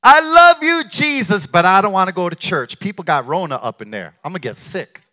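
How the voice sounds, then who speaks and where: A man's voice: high-pitched, lively intonation, sharp tone. A man preaching in the voice of a whiny churchgoer who makes excuses to skip church. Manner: whiny, mocking, fast. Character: complaining churchgoer making excuses to stay home.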